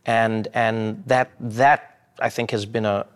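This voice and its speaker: A man's voice: fairly low pitch, flat delivery, takes it slowly, clean tone. A man in his thirties with a South African accent, a comedian giving thoughtful interview answers that turn into stories. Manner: thoughtful, storytelling, with small restarts.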